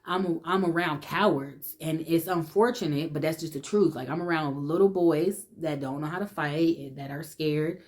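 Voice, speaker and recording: A woman telling her personal testimony in an emotional, conversational way, restarting often and dropping to a hush when she relives fear. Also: low-pitched, moderate pace, few pauses. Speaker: vlogger sharing her testimony.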